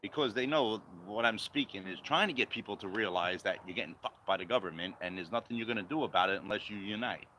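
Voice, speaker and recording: Blunt, bright-voiced man ranting. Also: fairly low pitch, fast talker, few pauses, slight background noise, low-quality recording. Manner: blunt, confrontational, repetitive rhetorical questions. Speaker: vlogger. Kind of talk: ranting political commentary.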